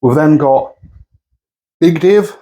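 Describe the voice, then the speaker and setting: Easygoing rambling man at mid pitch. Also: takes it slowly, dark tone, low-quality recording. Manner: easygoing, rambling, self-correcting. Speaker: co-host of a tabletop wargaming channel. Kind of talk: casual chat.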